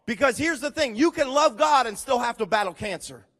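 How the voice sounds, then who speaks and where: A man preaching a sermon to his congregation, swinging from quiet, earnest passages to loud, dramatic storytelling and direct appeals. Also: extremely high pitch, lively intonation, fairly quick. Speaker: pastor.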